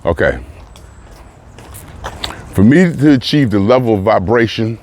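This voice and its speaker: Low-voiced winded man rambling on a walk. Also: expressive, measured pace, darkish tone, a little hiss or hum. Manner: rambling, reflective, restarts phrases. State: out of breath. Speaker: vlogger. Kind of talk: casual spoken monologue while walking. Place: outdoors on a walk in the sun.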